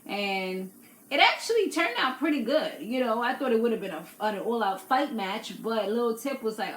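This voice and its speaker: A woman's voice: fairly high pitch, very animated, normal speed. A young woman hosting a casual reality TV recap, chatty and opinionated, laughing often. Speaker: YouTube recap host. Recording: echoey room with faint noise.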